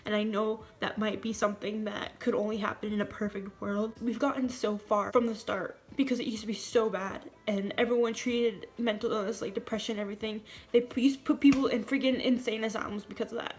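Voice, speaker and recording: A young woman speaks to her viewers in a raw, emotional vlog, close to tears. Her voice sits at an ordinary middle pitch, and she pauses and restarts as she works through what she wants to say. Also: fairly even intonation, darkish tone. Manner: tearful, earnest, halting with pauses and restarts. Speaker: vlogger. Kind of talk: emotional personal vlog talk.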